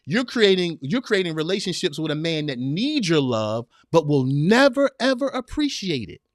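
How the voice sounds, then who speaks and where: A man's voice: a little high, very animated, normal speed, no echo, clean studio sound. A man hosting a live advice podcast in a direct, preachy way, repeating phrases for emphasis. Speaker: podcast host. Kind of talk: live-streamed advice talk.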